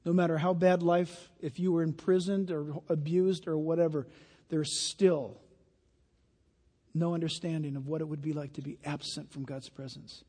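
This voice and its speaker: A man's voice: a little high, little pitch movement, moderate pace, dark tone, husky. A man preaching a sermon, emphatic and full of stories. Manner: emphatic, storytelling. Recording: long hall reverb.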